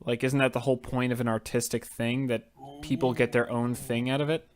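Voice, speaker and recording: A man co-hosting a casual podcast over a voice call, arguing in an animated way and stammering when he gets excited. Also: mid-range voice, fairly quick. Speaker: podcast host. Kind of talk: casual chat.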